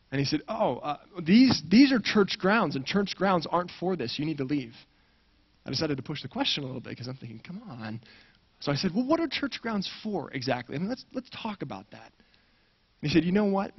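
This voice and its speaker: A man's voice: fairly high pitch, slightly rough, highs cut off. A man preaching a sermon, telling a personal story and acting out the dialogue with energy.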